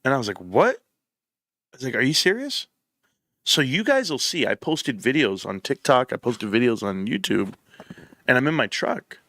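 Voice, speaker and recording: Emphatic and fired up, this man hosts a political commentary show, repeating phrases as he builds his opinionated case from a room set up for the show. He speaks at normal speed in a medium pitch with big swings, his tone pushed and bright, without echo.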